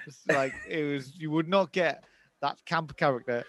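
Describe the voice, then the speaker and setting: A man's voice: a little high, measured pace. A man in casual chat, laughing often as he talks over a show with a friend. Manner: laughs often, quotes lines in put-on voices. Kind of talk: casual chat reviewing an old puppet show.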